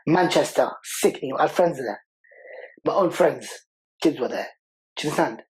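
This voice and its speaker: A man's voice: fairly high pitch, expressive, normal speed, a little mellow, breathy edge, rough recording. Passionate man repeating himself. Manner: passionate, repeats words for emphasis. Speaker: podcast guest. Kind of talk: emotional interview conversation.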